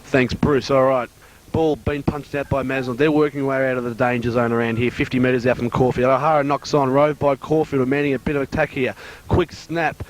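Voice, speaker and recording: A man's voice: mid-range voice, level tone, fairly quick. Man calling amateur football play-by-play. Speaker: football commentator.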